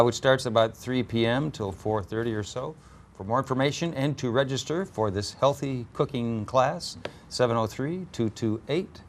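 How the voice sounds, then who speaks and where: A man's voice: medium pitch, a little hiss or hum. A man hosting a local news show, reading announcements loosely with fillers and slips. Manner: loose read with ums and slips.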